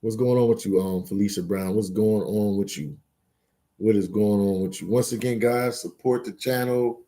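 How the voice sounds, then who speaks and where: A man's voice: lowish voice, fairly even intonation, normal speed, mellow. A man hosting a casual live stream, reading chat aloud and bantering, repeating words and phrases as he goes. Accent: Philadelphia.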